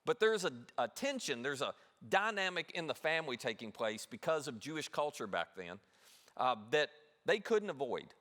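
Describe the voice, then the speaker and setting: A man preaching a sermon as pastor, telling a story with animated delivery and asking the audience questions. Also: fairly high pitch, moderate pace. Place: large church hall. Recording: long reverb of a big hall.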